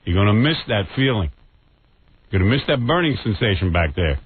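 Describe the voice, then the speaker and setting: A man's voice: on the low side, sing-song, a little fast. A man hosting a radio show, taunting a rival in a crude, mock-menacing bit. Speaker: radio host. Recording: tinny lo-fi radio broadcast, faint hiss.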